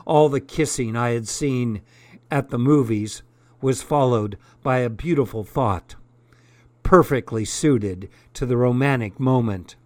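A man narrating a first-person story aloud in an unhurried, deliberate reading. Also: medium pitch, dry recording. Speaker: audiobook narrator.

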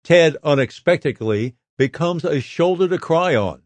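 A man reading entertainment news from a script at a steady pace, giving quoted lines a little lift. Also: a little high, measured pace, dry recording. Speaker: soap news reader.

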